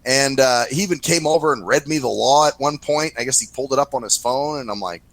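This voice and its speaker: A man hosting a casual talk show, telling a story in a profane, lively way and acting out what others said. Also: mid-range voice, fast, rough recording. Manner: profane, animated anecdote-telling, acts out quoted voices. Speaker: podcast host.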